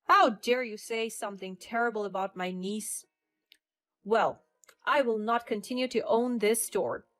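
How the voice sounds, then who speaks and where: A woman's voice: on the high side, measured pace, a bit bright. A woman voicing a stern, protective older uncle in a storytelling narration, speaking firmly. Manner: firm, commanding.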